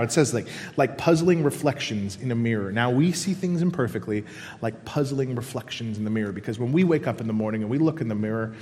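Pastor preaching in a reverberant hall. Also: male voice, mid-range voice. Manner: dynamic, swings from loud excitement to hushed whispers. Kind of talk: sermon.

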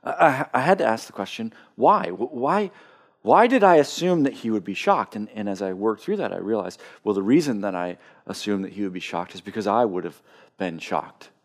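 Impassioned male preacher, lively pitch. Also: a little fast. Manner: impassioned, repeats words when starting phrases. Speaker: pastor. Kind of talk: sermon.

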